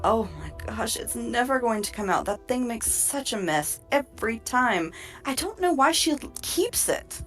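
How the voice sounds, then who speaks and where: A woman's voice: low-pitched, measured pace, few pauses. A woman voicing a weary house servant who grumbles in an exasperated voice for a tabletop game. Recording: faint music behind.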